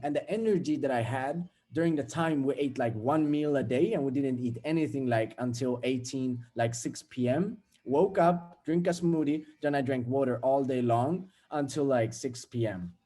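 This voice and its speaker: Mellow-voiced man giving blunt motivational talk. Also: mid-range voice, normal speed, few pauses. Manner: blunt, swears freely, acts out everyday scenes. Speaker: self-development vlogger.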